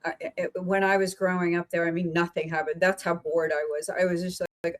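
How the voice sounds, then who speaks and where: Podcast host: a woman from central Pennsylvania with a lowish voice, rambling but lively storyteller. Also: fast talker, rough recording. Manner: chatty, meandering, animated. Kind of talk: casual storytelling chat.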